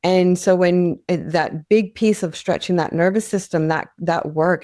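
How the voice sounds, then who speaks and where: A woman's voice: lowish voice, a little slow, hardly any pauses, warm tone, no room sound, clean studio sound. A young adult woman sharing her experience as a podcast guest, earnest and candid, with frequent fillers and restarts.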